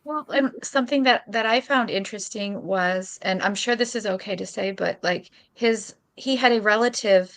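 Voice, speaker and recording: Female co-host, gravelly voice, lively opinionated storyteller, casual chat. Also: mid-range voice, moderate pace, few pauses. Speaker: podcast co-host.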